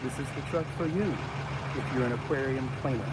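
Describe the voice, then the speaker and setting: A man's voice: mid-range voice, a little fast, crowd noise. A man in a casual, jokey, rambling vlog, talking to his live chat while showing a truck. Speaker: car vlogger. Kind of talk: casual livestream walkaround.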